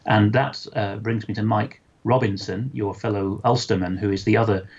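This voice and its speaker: A man giving an interview, speaking articulately in measured sentences with many fillers. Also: fairly low pitch, steady tone, creaky, darkish tone, breathy edge, lo-fi sound. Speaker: interview guest. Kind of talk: conversational interview.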